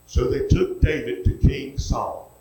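A man's voice: mid-range voice, a little slow, warm tone, very echoey, muffled recording. A man preaching a sermon, retelling a story in a folksy way and acting out each character.

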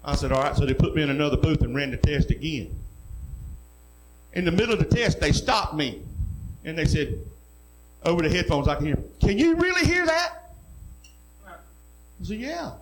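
A middle-aged man preaches a sermon, slipping from plain, folksy storytelling into loud, climbing exhortation. His voice sits a little high for a man. A faint hum runs under the recording. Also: a little fast, long pauses, poor audio. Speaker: pastor.

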